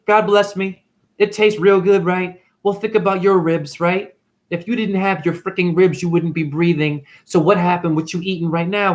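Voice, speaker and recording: A man who is a spiritual teacher and numerologist, in a preachy livestream rant that swings between whoops and mutters. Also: sits high.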